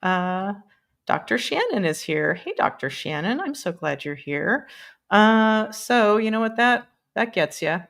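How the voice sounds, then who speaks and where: A woman's voice: mid-range voice, big pitch swings, measured pace, gravelly, a bit bright. A woman hosting a casual live stream, rambling between topics, laughing often and swearing freely. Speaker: livestream host. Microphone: computer mic on a live stream.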